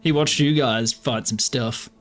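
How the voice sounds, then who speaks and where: A man with an Australian accent narrating as game master at a table of players, relaxed and quick to laugh. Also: mid-range voice, faint music behind. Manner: relaxed, laughing easily while describing scenes. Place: room shared with other players.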